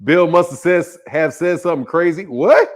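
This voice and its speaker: A man's voice: on the high side, normal speed. Casual male boxing stream host. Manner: casual, laughs often, greets chatters by name. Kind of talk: live stream chat with viewers.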